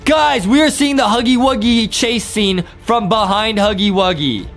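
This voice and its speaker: A man's voice: high-pitched, moderate pace, fairly bright tone, faint music behind. A man co-hosting a gaming channel, giving hyped, exclamatory gameplay commentary. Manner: hyped and exclamatory, says bro a lot.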